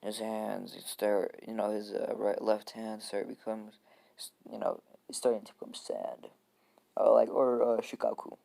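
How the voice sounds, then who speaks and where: A man tells a story off the cuff, stopping often on fillers and restarts. His voice sits low and gravelly. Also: little pitch movement, normal speed, mellow. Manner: hesitant, lots of fillers. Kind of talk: casual improvised storytelling.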